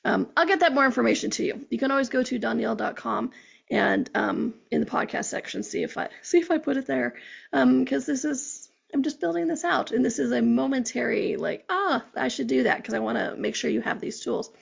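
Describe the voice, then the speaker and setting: A woman's voice: on the high side, fairly quick, vocal fry, breathy edge, highs cut off. A woman hosting a podcast, giving chatty, encouraging advice in a casual talk with frequent check-ins. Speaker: podcast host.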